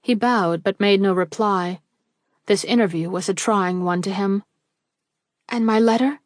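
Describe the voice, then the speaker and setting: A woman reading a classic mystery novel aloud as an audiobook narrator, in an even, measured way. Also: medium pitch, dry recording, clean studio sound.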